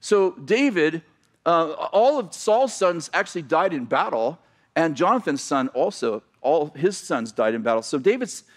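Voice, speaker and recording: Male pastor, sermon, slightly raised pitch, loose storytelling with asides and self-corrections. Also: big pitch swings, measured pace.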